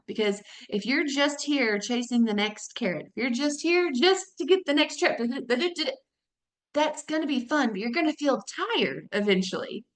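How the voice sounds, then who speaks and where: A woman in her thirties, a mom of four, giving an energetic motivational training talk to her network marketing team, calling them y'all and jumping up in pitch when excited. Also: echoey room.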